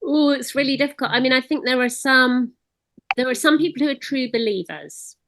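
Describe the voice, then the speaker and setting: Animated woman guest, emphatic campaigner. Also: sits high, a little fast, background noise. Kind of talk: casual interview chat.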